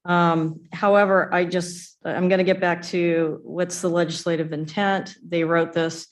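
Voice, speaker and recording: Woman commissioner; even, low delivery with frequent ums. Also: unhurried. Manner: hesitant, many ums. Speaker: commission member. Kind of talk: meeting discussion.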